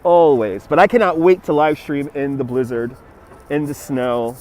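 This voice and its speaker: High-voiced New man streaming outdoors. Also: moderate pace, darkish tone, a little hiss or hum. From Brooklyn, New York. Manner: chatty, reads viewer messages aloud and thanks donors. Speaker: livestream host. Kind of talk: casual livestream chat. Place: outdoors in a city by a river. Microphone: phone on a gimbal.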